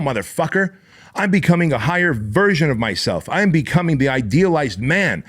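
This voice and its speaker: A middle-aged man hosting his show, giving a blunt, profane, fired-up motivational monologue straight to his listeners. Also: medium pitch. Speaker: podcast host.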